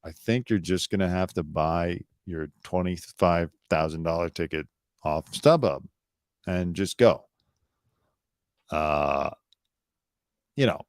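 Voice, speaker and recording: A man's voice: deep voice, a little mellow, no room sound, clean studio sound. A man hosting a live news commentary show, blunt, sarcastic and opinionated, talking loosely with fillers and asides.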